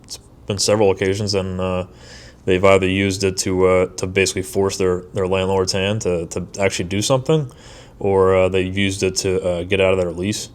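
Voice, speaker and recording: A man with a very deep voice speaks as a podcast guest. He talks in a measured, hesitant way and pauses often. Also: level tone. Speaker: licensed mold assessor, guest. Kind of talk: casual podcast conversation.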